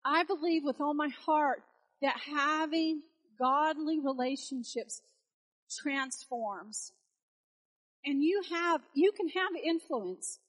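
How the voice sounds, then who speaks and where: A woman preaches with a notably high voice, moving between storytelling and urgent exhortation. Her delivery is animated and emphatic, leaning hard on repeated phrases. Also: slow, low-quality recording. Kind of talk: sermon.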